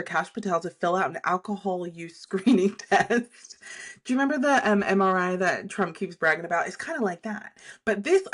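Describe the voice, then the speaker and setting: A woman with a fairly low voice rants casually and bluntly about politics, swearing freely. She drifts from tangent to tangent in an unscripted, conversational way. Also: breathy edge. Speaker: political commentary host.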